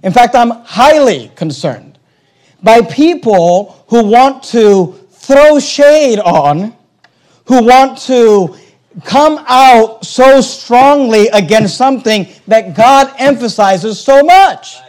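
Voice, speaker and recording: Guy preaching a sermon, really high voice for a man, keeps repeating himself to drive it home. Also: expressive, slow pace, darkish tone, rough recording. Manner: emphatic, repetitive preaching. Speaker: pastor.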